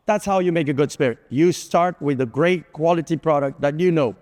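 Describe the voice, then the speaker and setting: A middle-aged man delivers a keynote in a big conference hall, speaking into a stage mic. His voice sits a little high, and he talks loosely, full of "you know" and little restarts. The hall adds a long, lingering reverb. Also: a little fast, few pauses, a little mellow. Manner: anecdotal, conversational, with frequent fillers.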